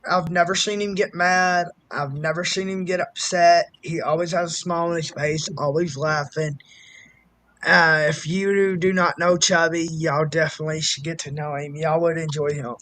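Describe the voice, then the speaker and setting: A man chatting casually on a live stream, telling animated stories and swearing freely. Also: fairly high pitch, normal speed, dry recording. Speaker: guest storyteller.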